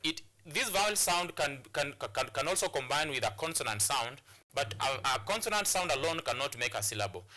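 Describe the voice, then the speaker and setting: Bright-voiced Kenyan man teaching. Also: mid-range voice, expressive, fairly quick. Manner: repetitive, hesitant with many fillers. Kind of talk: televised classroom lesson.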